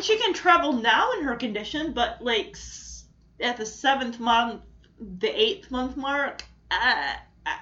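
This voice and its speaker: A woman's voice: a little high, a bit bright, muffled recording. A woman gushing enthusiastically as she recaps a sitcom episode in casual talk. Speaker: show recap host.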